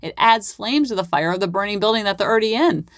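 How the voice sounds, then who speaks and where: A woman's voice: medium pitch, expressive, fast, dry recording, clean studio sound. A woman in her thirties hosting a parenting podcast, chatting in an upbeat way. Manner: chatty, upbeat, acts out kids' voices. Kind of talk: casual solo podcast talk.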